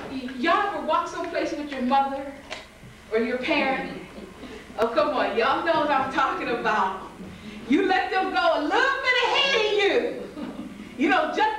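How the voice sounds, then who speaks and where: High-voiced woman preaching in an echoey hall. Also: distant mic, slight background noise. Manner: lively, acts out voices, laughs often, calls to the congregation. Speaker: pastor. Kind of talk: sermon.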